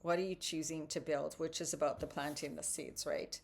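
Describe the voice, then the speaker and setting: Chatty woman with a low voice. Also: steady tone, moderate pace, gravelly. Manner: chatty, often adds "right?". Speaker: host reading tarot cards. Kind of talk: casual motivational morning talk.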